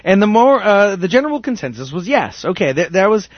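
A man's voice: high voice, very animated, brisk, dry recording, lo-fi sound. A man hosting a casual podcast chat, telling a story animatedly with many restarts. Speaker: podcast host. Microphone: studio microphone.

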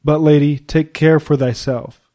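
A man's voice: fairly high pitch, steady tone, unhurried, mellow, close to an everyday voice. A man voicing a melancholy young foreign page who pleads in a sorrowful, half-choked way.

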